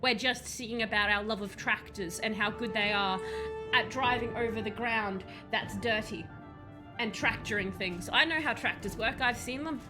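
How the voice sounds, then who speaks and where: A woman's voice: fairly high pitch, moderate pace. A young woman chatting and rambling to her stream chat while she plays a game, laughing at her own jokes. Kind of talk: casual live-stream chat while gaming. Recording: music playing behind.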